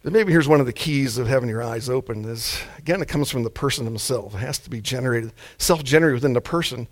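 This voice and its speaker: A man's voice: medium pitch, quick pace. A man preaching a sermon in a mild-mannered, laid-back way.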